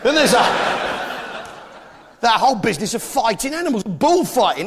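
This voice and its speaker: A man's voice: very high-pitched, sing-song, normal speed, a bit bright. An English man doing live stand-up comedy in a brash, blustering way, full of tag questions. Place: theatre stage before a live audience. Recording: live show with crowd laughter and noise.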